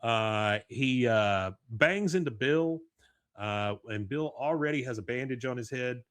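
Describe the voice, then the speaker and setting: A man hosting a podcast, casually recapping an episode in an animated way and often chuckling. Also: mid-range voice, a little slow, no room sound. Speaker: podcast host.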